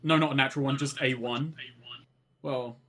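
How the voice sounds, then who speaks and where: A man running a tabletop role-playing game among friends, with a relaxed, easygoing delivery. He narrates scenes and explains rules in plain conversational speech, with a middling pitch. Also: moderate pace. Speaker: game master.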